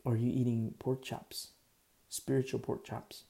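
A man's voice: medium pitch, flat delivery, normal speed, gravelly, mellow. A man preaching a sermon in a conversational, folksy way, with asides and quoted lines. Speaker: pastor.

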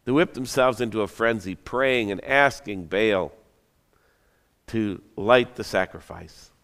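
A man's voice: lowish voice, measured pace, a bit bright. A man preaching a sermon, retelling a story in a conversational, dramatic way with joking asides. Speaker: pastor. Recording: long hall reverb.

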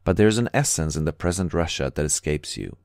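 A dreamy young poet muses on spiritual rebirth in an audiobook reading, voiced by a man. The delivery is lofty and reflective, low-pitched and dry. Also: animated, fast talker, darkish tone, no echo. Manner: thoughtful, lofty.

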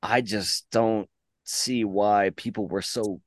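A man's voice: fairly low pitch, steady tone, slow pace, dry recording, studio quality. A man co-hosting a podcast, joking around and going off on rambling tangents, with swearing. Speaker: podcast co-host. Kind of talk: casual podcast chat.

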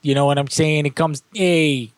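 A man's voice: on the high side, steady tone, normal speed, no room sound, natural voice. A man voicing an evasive tough-talking guy with a Boston accent that slips in and out, rambling through fillers. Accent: put-on Boston, slipping.

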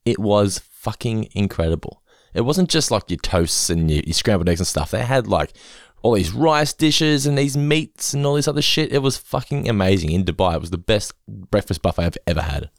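Animated, swearing man in a casual chat. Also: lowish voice, moderate pace, creaky, few pauses, dry recording, clean studio sound. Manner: profane, animated storytelling with laughter. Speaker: podcast host.

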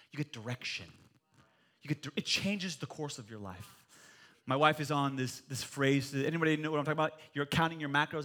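A man in his forties preaching a sermon in church, animated and jokey, rising to loud emphatic peaks. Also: high-pitched. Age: 40s. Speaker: pastor.

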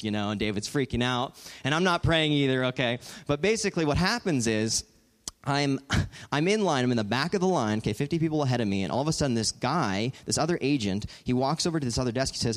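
Animated young man telling a story on stage. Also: medium pitch. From Southern California. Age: 20s. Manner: animated, joking, quick asides. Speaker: guest speaker. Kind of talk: storytelling talk to an audience.

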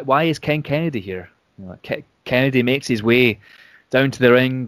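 A man's voice: medium pitch, a bit bright, no echo. A man casually retelling a wrestling storyline, rambling with restarts and fillers.

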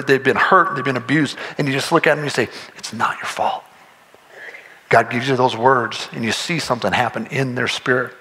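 A man's voice: mid-range voice, sharp tone, rough recording. A man preaching a sermon, earnest and conversational, often restarting his sentences and pushing toward emphatic points. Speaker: pastor.

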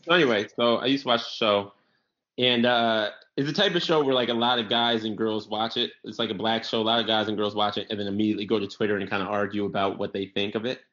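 A man's voice: fairly low pitch, fast talker. A man hosting a casual comedy podcast, telling stories loosely, acting out quotes and swearing freely. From New York area. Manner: animated storyteller, acts out quotes, swears freely. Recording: slightly dull lo-fi audio.

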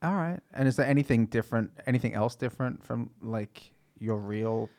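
A man hosting a podcast, his voice rough with fry at a medium pitch. He fires off curious, casual follow-up questions in a café chat, swearing now and then. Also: brisk, a little mellow. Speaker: podcast host, interviewer. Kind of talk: casual conversation.

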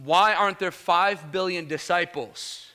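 A male pastor preaching a lively sermon, energetic and casual, calling out "Amen?" to the congregation. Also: high voice, unhurried. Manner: energetic, casual slang, repeated "Amen?" calls.

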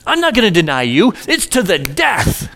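A man's voice: sits high, wildly swooping pitch, moderate pace, vocal fry, a bit bright, voice pushed up, full character voice. A man voicing an eager, impulsive male apostle who pleads in an emphatic, slangy way. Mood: insistent.

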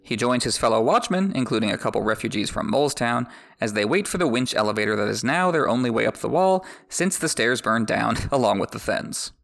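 A man's voice: mid-range voice, animated, fairly quick, vocal fry, a bit bright. A man hosting a book podcast who recaps a chapter, reads excerpts aloud, and adds wry, joking asides. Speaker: podcast host.

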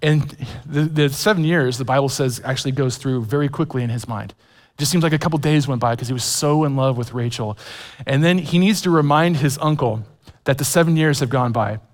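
A man's voice: mid-range voice, brisk, in a large hall. A man in his forties preaching a sermon, telling stories with self-deprecating humor, many fillers and restarts. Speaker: pastor. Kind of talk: sermon with personal storytelling.

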